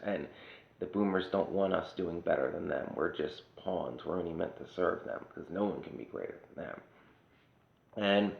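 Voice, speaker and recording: This Pennsylvania man has a low-pitched, creaky voice as he rants casually on his vlog. He is sarcastic and blunt, swearing freely, in a roomy, dull lo-fi recording.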